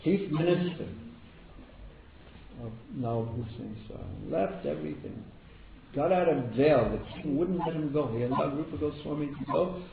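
This spiritual teacher's voice is fairly high and creaky, swinging widely in pitch at a moderate pace. He gives a devotional talk, telling stories and repeating words for emphasis, heard over a tinny phone-like line from an echoey room with background noise.

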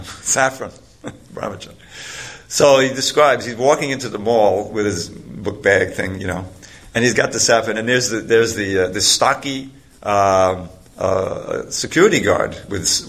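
A man's voice: on the low side, moderate pace, gravelly, fairly bright tone. A man giving a talk, telling a story in a loose, rambling way. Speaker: speaker.

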